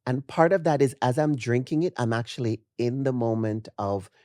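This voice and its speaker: A man in his late fifties from the West Indies, a guest makeup artist chatting casually, animated and laughing, with drawn-out emphasis on key words. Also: mid-range voice, dry recording, clean studio sound. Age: 50s. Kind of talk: casual interview chat.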